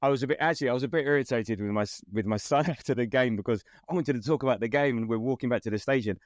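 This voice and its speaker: A man's voice: medium pitch, very fast, no echo, studio quality. A middle-aged man co-hosting a casual fan podcast, laughing often and restarting his sentences. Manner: warm, laughing, hesitant restarts. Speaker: podcast co-host.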